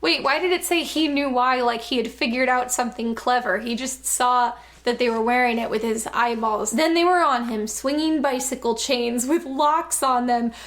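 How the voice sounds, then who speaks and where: High-voiced woman reading a book out loud, sarcastic little asides. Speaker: host reading a novel aloud. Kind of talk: reading a book aloud with commentary.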